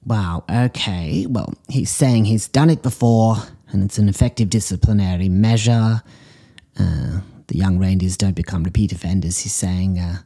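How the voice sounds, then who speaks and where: A man puts on an eccentric middle-aged woman, a pet psychic, in a comedy sketch. Her voice is low, husky and mellow, and she drifts through odd animal readings in a breezy, deadpan way. She calls everyone darling. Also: moderate pace. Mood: airy. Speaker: host. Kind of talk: improvised character comedy monologue.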